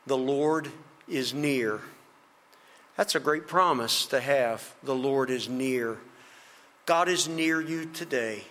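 Earnest male pastor in a reverberant hall. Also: a little high. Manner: earnest, gently encouraging preaching with slow emphatic phrases. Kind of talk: sermon.

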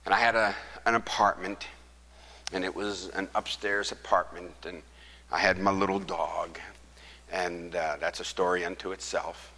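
A man's voice: deep voice, flat delivery, a little slow, pushed and bright, long reverb tail. A man preaching, telling a folksy personal story in an earnest sermon voice. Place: church.

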